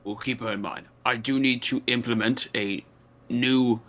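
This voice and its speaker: Man, tabletop player, in character, commanding, very slow, bright. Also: medium pitch, steady tone. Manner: slow, commanding ruler's delivery. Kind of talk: in-character tabletop role-play.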